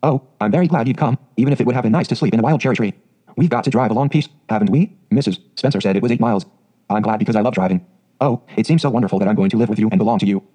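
A man's voice: lowish voice, racing, mellow. Man voicing a breathless chatty orphan girl. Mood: eager. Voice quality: clear sweet voice. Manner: breathless eager run-on chatter. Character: chatty imaginative orphan girl, about eleven.

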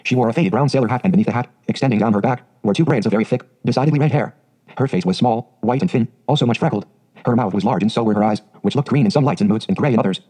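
A man narrating a storybook with steady, scripted reading. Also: mid-range voice, very fast, husky, rough recording. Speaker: audiobook narrator.

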